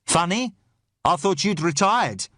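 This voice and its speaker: A man's voice: sing-song, a little slow, fairly bright tone, no echo, clean studio sound, full character voice. A man voicing a courteous, apologetic rich man. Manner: apologetic, courteous, raised pitch. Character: wealthy male island landowner, polite but firm.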